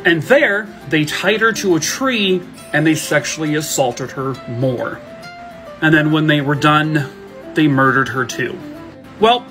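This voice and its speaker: A man's voice: fairly high pitch, fairly bright tone. A man hosting a true crime video, telling cases in a blunt, casual way and swearing freely, with background music.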